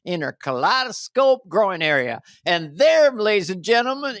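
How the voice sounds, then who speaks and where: A man's voice: high-pitched, sing-song, moderate pace, a bit bright, dry recording, studio quality. A man co-hosting a podcast, playfully riffing and chiming in with amused comments. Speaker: podcast co-host. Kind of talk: casual comedic chat.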